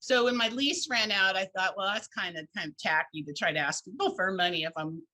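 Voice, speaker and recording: A woman tells her own story in a relaxed interview with a bright, clear voice. She talks casually and animatedly, acting out the people she quotes. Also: mid-range voice, a little fast, rough recording. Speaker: guest, founder of a charity for women in crisis.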